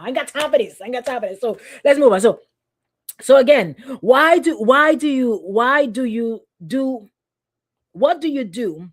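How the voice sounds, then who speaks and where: A woman pastor giving a sermon in a conversational, repetitive, playfully sarcastic way. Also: on the high side.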